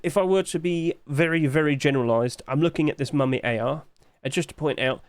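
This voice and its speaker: A man's voice: a little high, fairly quick, dry recording. A man who hosts a commentary channel and thinks aloud in a chatty way while talking through sales figures. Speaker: game market analyst. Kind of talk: screen-share commentary.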